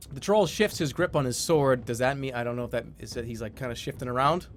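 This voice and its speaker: A man with a mid-range voice streams a game, reading its text aloud and reacting with excitement. He swears and boasts in a mock way.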